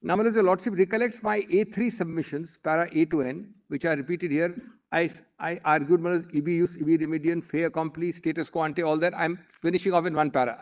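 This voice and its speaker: High-voiced Indian English lawyer arguing. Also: male voice. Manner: formal and emphatic, often addressing the bench as my lords. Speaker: senior advocate. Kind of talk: courtroom argument.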